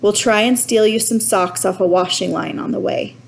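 Woman voicing a steady, kind boy who speaks quietly and reasonably, storybook reading. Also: medium pitch, moderate pace, vocal fry, a little hiss or hum, close to an everyday voice. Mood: firm. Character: calm, kind, sensible boy.

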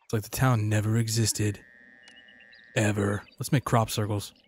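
A man's voice: lowish voice, little pitch movement, a little slow, husky. A man giving casual gameplay commentary, swearing and talking sarcastically to the characters on screen. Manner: profane, sarcastic, talks to game characters. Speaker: gaming channel host.

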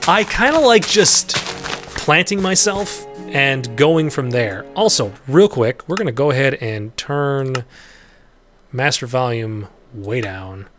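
A man with a medium-pitched, animated voice hosts a let's play, offering casual gameplay commentary at a slow pace with faint music in the background. He rambles on and chats to the in-game creatures, laughing easily and breaking into sudden loud yelps.

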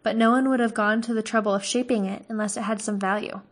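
A woman's voice: on the high side, steady tone, fast, close to an everyday voice. A woman reading aloud and voicing a young male farm-boy hunter who speaks in a curt, defensive way.

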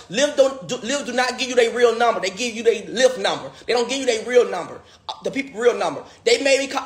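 High, bright-voiced man ranting in an echoey room. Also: a little hiss or hum. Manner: pleading, repetitive, swearing. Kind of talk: livestream rant.

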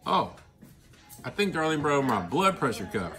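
Man, casual vlog chatter, eating on camera, excitable, lively swooping pitch. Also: moderate pace. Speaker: vlogger.

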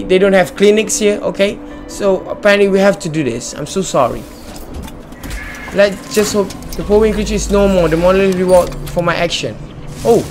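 A man hosting a casual let's-play video, chatting playfully as he explores, joking and talking back to the game. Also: high voice. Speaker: gamer and channel host.

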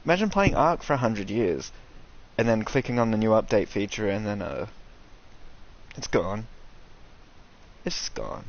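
Excitable, sweary Aussie gamer guy. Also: fairly low pitch, normal speed, pauses often, lo-fi sound, a little hiss or hum. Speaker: gaming streamer. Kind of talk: casual game commentary.

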